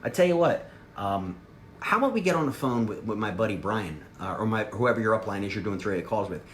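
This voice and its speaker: A man's voice: fairly low pitch, expressive, brisk, fairly bright tone. A man giving a sales training talk, coaching energetically and acting out sample phone calls. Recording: echoey room with faint ambient noise.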